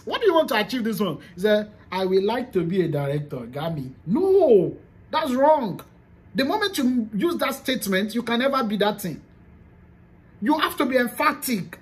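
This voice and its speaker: A woman's voice: medium pitch, big pitch swings, normal speed. A woman with a Nigerian accent giving a motivational coaching talk. She talks emphatically, repeats key phrases and slips into pidgin. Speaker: business coach.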